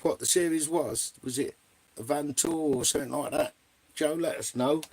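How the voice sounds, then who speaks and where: A man's voice: on the high side, moderate pace, darkish tone. A man hosting a live stream in casual chat, greeting viewers by name and swearing freely.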